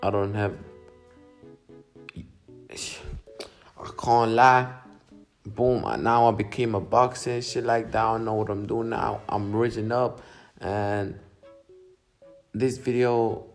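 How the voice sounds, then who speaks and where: A man's voice: fairly low pitch, steady tone, takes it slowly, pauses often, faint music behind. A young man vlogger casually commenting on his own silent video, laid-back, swearing and mocking himself.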